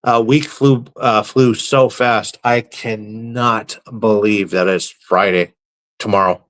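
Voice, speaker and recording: A man hosting a live stream, reading viewer comments aloud and answering them with deadpan, crude, mock-serious jokes. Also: on the low side, slow. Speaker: livestream host reading chat. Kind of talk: casual live-stream banter.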